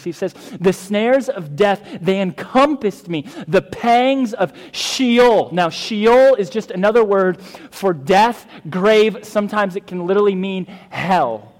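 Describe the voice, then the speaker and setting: An earnest male pastor preaching with a fairly high voice, pressing his points and restarting phrases as he goes. His sermon rings with a long reverb in the church hall. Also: a little mellow. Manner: earnest, emphatic, with fillers and restarts.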